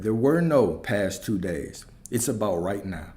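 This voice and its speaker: A man's voice: on the low side, normal speed, hardly any pauses, a little mellow. A man giving a spiritual talk as a coach, preaching emphatically, repeating key phrases and asking rhetorical questions.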